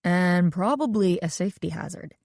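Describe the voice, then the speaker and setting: A woman's voice: lowish voice, animated, normal speed, gravelly, a little mellow, no echo, clean studio sound. A woman voicing an easygoing, reassuring teenage boy in an audiobook. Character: easygoing, reassuring teen boyfriend.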